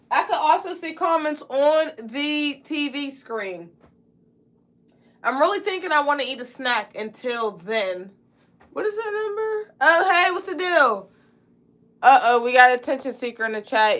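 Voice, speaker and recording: A young woman hosts a relaxed braiding livestream, chatting loosely, greeting viewers in the chat by name and eating candy while she talks. Her voice is high, pushed and bright.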